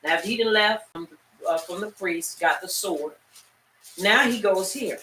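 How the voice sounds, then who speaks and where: Bright-voiced woman teaching scripture. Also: medium pitch, a little slow, a little hiss or hum. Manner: lively storyteller, talks straight to the class. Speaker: Bible class teacher. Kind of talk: animated Bible-study teaching. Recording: echoey room, far from mic.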